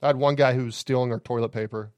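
A man's voice: mid-range voice, steady tone, fast talker, darkish tone, no echo. A man, a campground owner, telling rambling, profane stories on a podcast. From Alabama. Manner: rambling, profane, laughing anecdotes. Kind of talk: casual podcast storytelling.

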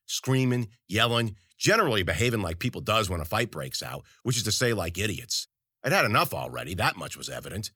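A man's voice: lowish voice, pushed and bright, no room sound, clean studio sound. A man narrating a story in the first person, crude, rambling and full of profane slang.

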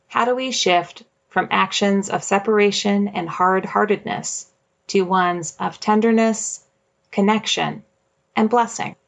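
A woman hosting a faith podcast, reading her script in a measured, gentle way. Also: medium pitch, vocal fry. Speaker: podcast host.

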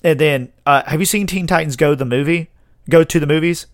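A man in his thirties, hosting a podcast, chatting excitedly and rambling with frequent laughter. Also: fairly high pitch, brisk, dry recording, clean studio sound. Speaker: podcast host. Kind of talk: casual chat.

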